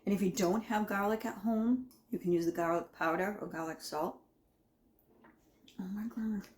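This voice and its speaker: In her home kitchen, a woman tastes her own cooking and talks it through in a rambling, folksy, casual way. Her voice is medium-pitched and darkish, and she speaks briskly.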